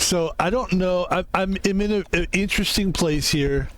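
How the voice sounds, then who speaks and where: A man's voice: high-pitched, measured pace, no echo. A man streaming a video game and musing aloud in casual, rambling commentary.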